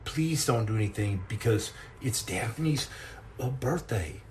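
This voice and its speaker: A man voicing his worried mother, pleading with him in a hushed, urgent way. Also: fairly low pitch, lively intonation, slow, slight background noise.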